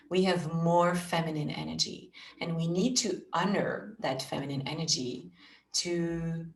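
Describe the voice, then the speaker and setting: A woman from Belgium, a native French speaker with a French accent, talking as a podcast guest in a soft, soothing way. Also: sits low, a little slow, reverberant, a little hiss or hum. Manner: soft, soothing, laughs often. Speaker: guest, spiritual business mentor. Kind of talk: podcast interview.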